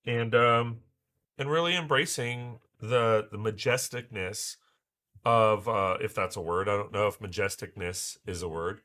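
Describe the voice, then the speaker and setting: A man hosting a casual livestream while he builds, rambling with many fillers and restarts, his voice hoarse as he recovers from losing it. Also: lowish voice, moderate pace, pushed and bright. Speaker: livestream host building Lego.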